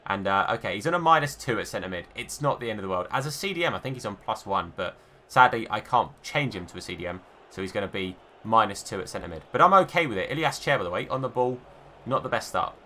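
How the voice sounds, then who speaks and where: A young man giving casual, animated commentary on his football game career to viewers. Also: fairly low pitch, fast talker, slight background noise. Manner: chatty, animated, talks to viewers as mates. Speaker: gaming YouTuber.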